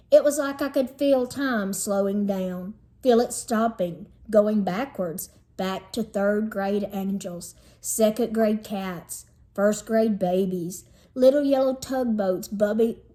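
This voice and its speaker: A woman teacher reading a children's chapter book aloud in an unhurried storytelling manner, slowing down over lists. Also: medium pitch, dark tone.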